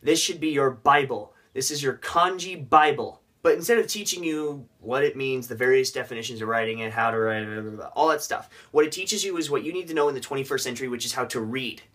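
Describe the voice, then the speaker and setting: A man's voice: mid-range voice, quick pace, few pauses, fairly bright tone. A young man casually vlogging tips on learning a language, with joking, rambling asides.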